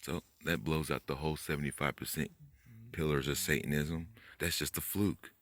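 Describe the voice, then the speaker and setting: Low-voiced guy ranting late at night, swears a lot, gets loud and high when worked up, dry no-room sound. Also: no room sound. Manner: profane, excitable, jumps up in pitch when worked up; talks fast and trips over words. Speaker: conspiracy video host. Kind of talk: rambling late-night monologue.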